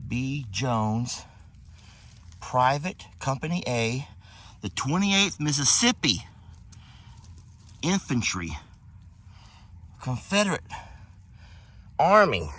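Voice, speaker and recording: A man hosting an outdoor vlog, talking in a slow, heartfelt, folksy way. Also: a little high, slight background noise. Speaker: channel host. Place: outdoors in wooded cemetery.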